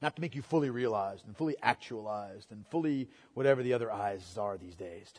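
A man preaching a sermon with emphatic delivery. He repeats key words and moves between loud proclamation and quiet, intimate asides. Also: lowish voice, a little fast. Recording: long hall reverb.

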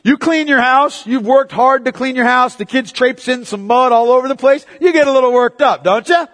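A man preaching a sermon as pastor, swinging between quiet, low reflection and loud, excited exhortation. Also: normal speed. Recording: long hall reverb.

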